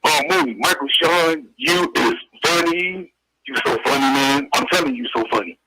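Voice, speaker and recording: A man's voice: medium pitch, normal speed, bright, forceful tone, breathy edge, pitched below the performer's own voice, poor audio. A man doing a blunt older comedian on the phone. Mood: praising. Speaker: caller.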